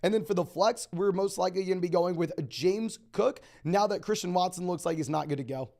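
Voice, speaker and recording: A young man hosting a live stream, answering viewer questions in a rapid, auctioneer-like delivery. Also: high-pitched, darkish tone. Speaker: fantasy football host.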